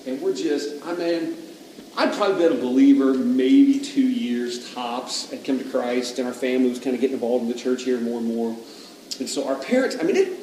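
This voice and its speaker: A man who is a father, telling a childhood story in a casual, animated way on a podcast, often laughing. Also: medium pitch. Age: adult father. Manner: animated, laughing, rises to loud retellings. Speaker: podcast speaker. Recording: roomy, distant mic with faint background noise.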